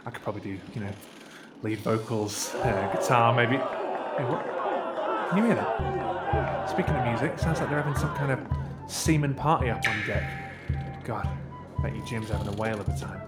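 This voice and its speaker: A man's voice: medium pitch, close to an everyday voice. A man voicing an earnest young musician who is held captive and talks in a hesitant, apologetic way. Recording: echoey room.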